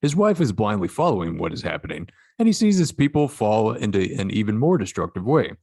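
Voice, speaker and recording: A man narrating stage directions for a fan-written sci-fi script in a steady, matter-of-fact way. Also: lowish voice, brisk, husky, no echo, studio quality. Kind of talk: reading a fan script aloud.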